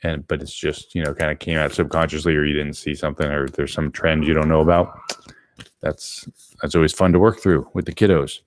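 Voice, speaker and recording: Low-voiced man thinking aloud. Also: steady tone, brisk. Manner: thinking aloud, rambling with many fillers. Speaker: art teacher. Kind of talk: live drawing lesson.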